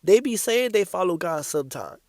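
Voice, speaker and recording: A man, preaching in a casual rant to camera, animated and incredulous, repeating himself as he presses his point. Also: high-pitched, fairly quick, dry recording. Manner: animated, repeats "bro" often, laughs, incredulous. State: coughing from sickness. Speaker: Christian vlogger.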